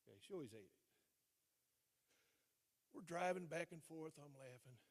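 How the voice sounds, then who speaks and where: An older man, a retired teacher and coach, telling stories as a guest speaker, with dramatic pauses and repeated phrases for emphasis. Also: a little high, expressive. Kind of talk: motivational storytelling speech. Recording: long reverb in a large hall.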